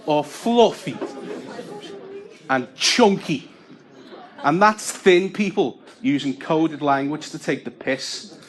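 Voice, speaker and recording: A young man doing a stand-up comedy set, deadpan, breaking into loud character voices. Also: a little high, takes it slowly, pauses often. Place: comedy club with audience laughter. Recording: live gig with audible noise.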